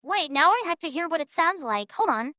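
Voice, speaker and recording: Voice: very high voice, animated, fairly quick, pushed and bright, dry recording. A streamer talking through a voice-changer filter that makes them sound childlike, rambling and self-deprecating in casual gameplay commentary.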